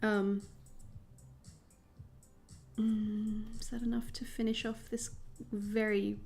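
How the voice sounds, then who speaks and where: A woman's voice: mid-range voice, level tone, slow, vocal fry, a little mellow, soft background music. A young Australian woman hosting a journaling livestream, chatting casually with viewers while she paints, laughing often.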